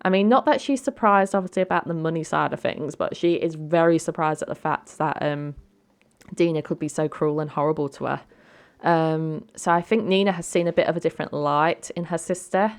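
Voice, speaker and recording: A woman's voice: deep voice, a little fast. A woman hosting a let's play, giving casual, chatty game commentary and talking to her viewers. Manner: chatty, many ums and asides to viewers.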